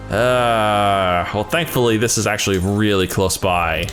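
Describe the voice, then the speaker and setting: A man giving sarcastic, animated gameplay commentary as a let's play gamer. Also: lowish voice, measured pace, hardly any pauses, soft background music.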